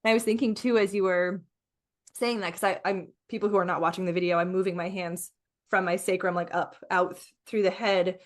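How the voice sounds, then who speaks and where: A woman's voice: lowish voice, steady tone, fairly quick. A woman podcast host responding in conversation, thinking aloud with restarts. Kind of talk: conversational interview.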